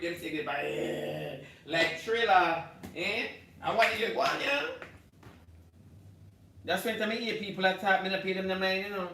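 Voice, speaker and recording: Jamaican man, live-stream rant, bright forceful voice, very echoey room. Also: far from the mic. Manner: loud ranting in Jamaican Patois, swinging between shouting and low muttering. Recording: very echoey room, voice off-mic, faint background hum.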